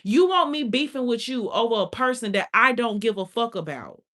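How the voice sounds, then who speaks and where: A woman's voice: fairly high pitch, animated, normal speed, a bit bright. A woman giving a casual spoken tarot reading, blunt and profane, with constant filler "like". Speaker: tarot reader.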